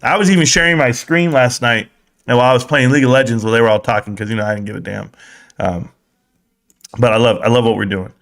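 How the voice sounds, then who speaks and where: The young host of a casual stock live stream speaks fast in a gravelly voice, reading the chat aloud. He jokes, swears, and swings from excited shouts to low mutters.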